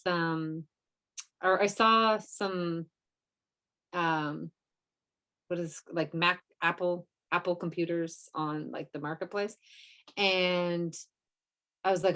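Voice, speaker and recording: A woman's voice: fairly low pitch, unhurried, a bit bright. A woman co-hosting a podcast, telling a story in a casual, rambling way with lots of fillers and quoted asides. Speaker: podcast co-host. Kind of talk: casual chat.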